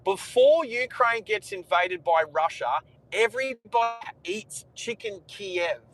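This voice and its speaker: Aussie bloke talking away in the car, kinda high voice, restarts a lot, engine noise under it. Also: male voice, expressive, a little slow, a bit bright, poor audio. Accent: Australian. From Australia. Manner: rambling, restarts, opinionated. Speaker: co-host driving. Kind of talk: casual chat while driving. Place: inside a moving car.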